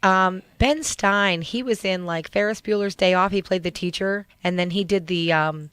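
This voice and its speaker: A woman's voice: medium pitch, moderate pace, a bit bright, clear, resonant tone, no room sound. A middle-aged woman hosting a radio show, chatting casually and teasing her guest. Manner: chatty, teasing, laughs easily. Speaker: radio DJ host.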